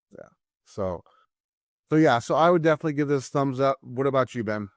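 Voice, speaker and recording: An easygoing man co-hosts a casual movie-review chat from home, thinking aloud and doubling back on his words. His voice sits at a middle pitch and sounds dry and close to the mic. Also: fast talker, no echo. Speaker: podcast co-host.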